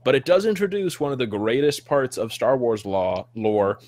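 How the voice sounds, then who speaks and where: A man's voice: medium pitch, animated, darkish tone. A man co-hosting a podcast in casual chat, eagerly jumping in with a point. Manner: eager, quick to jump in. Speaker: podcast co-host.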